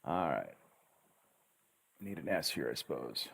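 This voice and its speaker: Man, English tutor, very low voice, dry close sound, chatty, encouraging, slow syllable drills. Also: very animated, gravelly, a bit bright, breathy edge, no room sound. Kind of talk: livestream language lesson.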